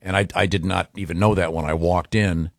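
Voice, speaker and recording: A man's voice: low-pitched, steady tone, dry recording, clean studio sound. A man hosting a radio show, telling a rambling story in casual chat, stopping often to find his words. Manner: rambling, halting with fillers.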